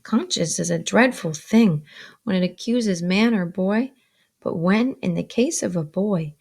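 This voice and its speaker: Gravelly woman reading a novel to students. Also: mid-range voice, unhurried, darkish tone. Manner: explains words between passages with fillers. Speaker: teacher.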